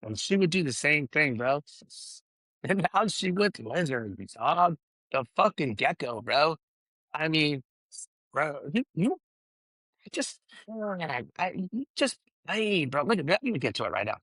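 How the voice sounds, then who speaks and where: A man's voice: a little high, sing-song, a little slow, pushed and bright. A middle-aged man rants through a solo podcast in a voice that swoops up and down with feeling. He swears freely, keeps tacking "bro" onto his sentences and trips over restarts as he rambles on. The sound is dry, with no room echo. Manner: ranting and emotional, swears, says "bro" constantly. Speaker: podcast host.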